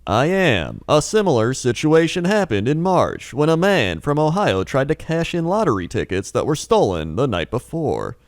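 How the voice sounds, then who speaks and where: A man's voice: a little high, sing-song, normal speed, few pauses, dry recording, clean studio sound. A man co-hosting a podcast, reading off links in a loose, rambling way with fillers. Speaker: podcast co-host. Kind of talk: casual chat.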